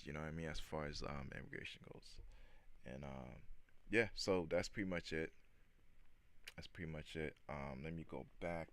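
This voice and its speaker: A man's voice: extremely low pitch, dry recording. A man hosting his own channel, chatting casually about news clips in a rambling way, full of "um" fillers and asides to viewers. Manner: rambling, loose, many "um" fillers; relaxed, talks straight to viewers. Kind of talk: casual news commentary vlog.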